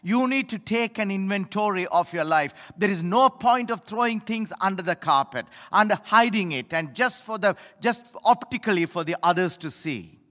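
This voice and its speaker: A middle-aged male pastor preaching a sermon, emphatic, swinging between loud appeals and low asides, in a church. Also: expressive, normal speed, few pauses. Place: church sanctuary. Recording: echoey hall reverb.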